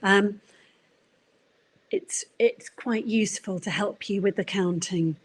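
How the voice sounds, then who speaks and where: A middle-aged woman gives a conference talk on well-being. Her voice sits at a middle pitch, and her delivery is gentle and encouraging, with frequent ums and small restarts. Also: slow, a little hiss or hum, rough recording. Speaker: career coach. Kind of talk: conference presentation.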